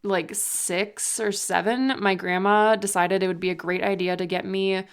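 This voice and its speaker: A woman's voice: mid-range voice, fairly even intonation, normal speed, smooth. A woman co-hosting a podcast in casual chat, telling stories in a rambling way with lots of "like" and laughing mid-sentence. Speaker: podcast co-host.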